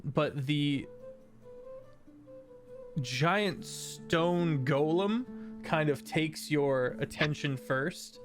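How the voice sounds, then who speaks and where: A man narrating a tabletop game as game master, unhurried and full of fillers. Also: mid-range voice. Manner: unhurried, hesitant with many fillers.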